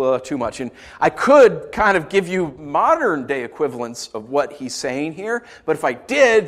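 A man with a medium-pitched voice preaches a sermon as pastor. His style is conversational and joking, moving between quiet asides and loud emphasis.

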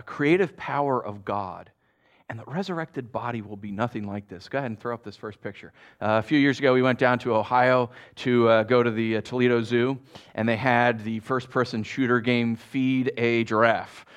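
A male pastor preaching in a relaxed, chatty way, his voice sitting at an ordinary middle pitch. He chuckles at his own asides and keeps asking his listeners "right?" as he speaks to the congregation. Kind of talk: casual conversational sermon.

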